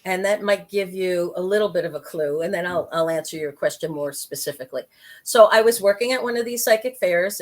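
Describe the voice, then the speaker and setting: A woman guest on an interview show, telling a story in a lively, chatty way with quick asides. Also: on the low side. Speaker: guest, intuitive life coach and medium.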